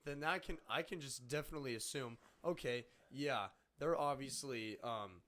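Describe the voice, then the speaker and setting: A teenage boy hosting a casual podcast interview, halting and repeating himself, then lively when acting out examples. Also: medium pitch. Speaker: podcast host.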